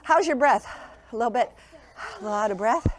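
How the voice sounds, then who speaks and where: In a school classroom, a sleep program presenter with a somewhat high-pitched voice leads a group of young children. Her delivery is animated and brisk, with an encouraging, sing-song teacher style, and she often checks that the kids are keeping up.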